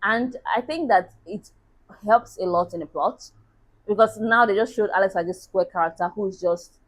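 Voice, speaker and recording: Chatty woman reviewing a book, low-ish voice. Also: rough recording. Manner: chatty, laughs at herself. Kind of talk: casual review chat.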